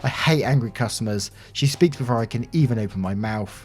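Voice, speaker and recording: A man reading Reddit stories aloud in an expressive, animated narration. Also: mid-range voice, a little fast, husky. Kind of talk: scripted story narration. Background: soft background music.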